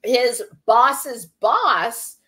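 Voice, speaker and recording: A woman co-hosting a casual live stream. She chats in a lively way and reads viewer comments aloud. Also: a little high, extremely slow. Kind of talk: casual chat.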